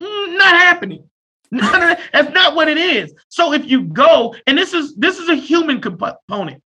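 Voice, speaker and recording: Loud, blunt man with a bright voice. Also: very high-pitched, very animated, normal speed. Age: 30s. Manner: loud and abrasive, blunt and joking. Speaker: therapist. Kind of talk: casual podcast conversation.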